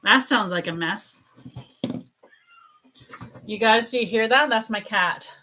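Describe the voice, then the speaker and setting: Bright-voiced chatty woman psychic. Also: mid-range voice, slow, low-quality recording. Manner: chatty and animated, laughs often. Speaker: psychic medium. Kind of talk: live-stream reading, casual chat.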